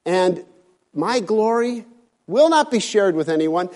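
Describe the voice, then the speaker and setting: A man's voice: sits high, very animated, slow pace, darkish tone. A man preaching a sermon, emphatic, rising in force when he quotes scripture.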